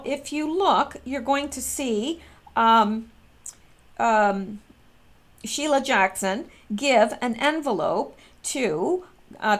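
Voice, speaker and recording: Chatty woman vlogger, high voice. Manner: chatty, earnest, many fillers and restarts. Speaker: vlogger commenting on politics. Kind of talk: casual spoken commentary to viewers.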